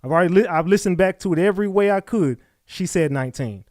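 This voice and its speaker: A man with a slightly raised pitch argues with his live chat, bluntly and profanely, insisting he is right. His voice is dry and close to the microphone, with no room sound. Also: animated, fast talker, darkish tone, dry recording. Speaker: streamer reacting to clips. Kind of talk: casual reaction commentary.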